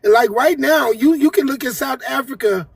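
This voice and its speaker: A man speaking earnestly and haltingly as a guest on a live online panel, with frequent restarts. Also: extremely high pitch, gravelly, slightly rough, no room sound, recorded from a distance.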